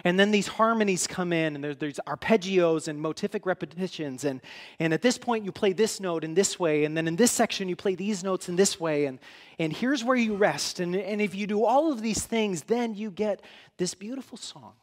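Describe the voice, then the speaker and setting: A tired man preaching a sermon in a church hall, earnest and halting, with many restarts, and moved to emotion at times. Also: high-pitched. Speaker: pastor.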